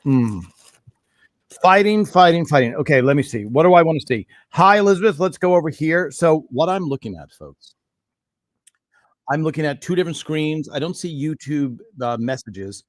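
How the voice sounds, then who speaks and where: A man's voice: on the high side, no echo. A man hosting a live stream from home, greeting viewers one by one in a loose, enthusiastic, rambling way and talking to himself between hellos. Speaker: host.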